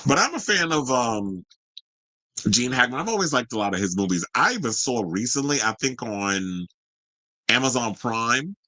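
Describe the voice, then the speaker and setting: Sassy chatty man, bright voice. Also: medium pitch, big pitch swings, moderate pace, low-quality recording. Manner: chatty, sassy, rambling asides. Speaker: pop culture commentary host. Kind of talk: casual solo commentary.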